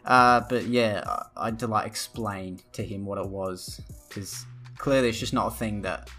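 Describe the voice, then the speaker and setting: A man's voice: lowish voice, moderate pace, pushed and bright, soft background music. A young man in a casual vlog, ranting sarcastically with lots of swearing as he reacts to what he reads. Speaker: vlogger. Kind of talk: profane reaction rant.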